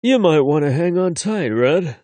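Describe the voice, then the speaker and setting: A male narrator voicing a confident grown man who murmurs low and teasing in a romance audiobook. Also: expressive, moderate pace, darkish tone, no echo, lightly acted. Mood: intimate.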